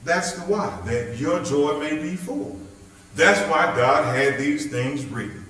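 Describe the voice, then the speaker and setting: Slow and somewhat high-voiced, this man is a pastor running a Bible study in a church hall, joking with and teasing his audience in a lively, conversational sermon. The mic sits far from him, so he sounds off-mic in the very echoey room, with a little hiss or hum underneath.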